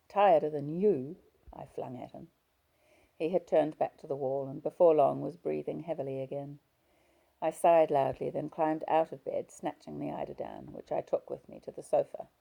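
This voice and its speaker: A woman's voice: low-pitched, vocal fry, highs cut off. A woman reading a novel aloud, narrating in first person. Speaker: audiobook reader.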